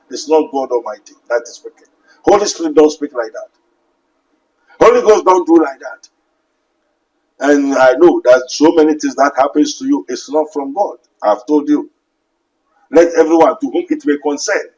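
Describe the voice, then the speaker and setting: Ghanaian male pastor, high voice, emphatic sermon delivery, rhetorical questions. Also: moderate pace, a little mellow, rough recording. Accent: Ghanaian English. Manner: emphatic preaching with scripture quotes and rhetorical questions.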